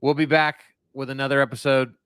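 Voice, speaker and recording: A man hosting a casual interview show, enthusiastic, with quick interjections. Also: medium pitch, level tone, fairly bright tone, clear, resonant tone. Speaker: host.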